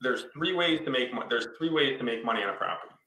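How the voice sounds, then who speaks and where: Man, 50s, from Michigan, upbeat storytelling investor; forceful tone in an echoey room. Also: mid-range voice, fast. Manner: enthusiastic, storytelling, explains with repeated "right?". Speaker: real estate investor. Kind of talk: casual podcast conversation. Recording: roomy echo.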